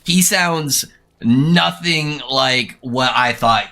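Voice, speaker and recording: Young male streamer, bright soothing voice, casual rambling delivery, mid pitch. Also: extremely slow. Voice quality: soothing narrator-like voice. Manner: relaxed, rambling, laughs often. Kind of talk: casual gaming stream chat.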